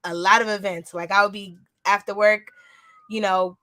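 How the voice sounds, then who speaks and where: A woman's voice: mid-range voice, steady tone, normal speed, bright, forceful tone, no room sound, clean studio sound. A woman guest in a casual interview, telling her story in a chatty, rambling way with lots of filler words. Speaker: podcast host and sneaker content creator, guest.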